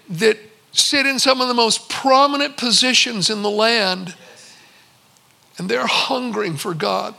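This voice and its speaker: A man's voice: extremely high pitch, vocal fry, pushed and bright. A man preaching a sermon as pastor, telling Bible stories and his own experiences with vivid retold dialogue. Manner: storytelling, acts out servants and a visitor in quotes.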